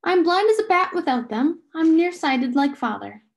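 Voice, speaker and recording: A woman voicing an anxious, tearful teenage girl, strained and pleading in a raised voice. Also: measured pace. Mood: upset. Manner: strained and pleading, lifting high.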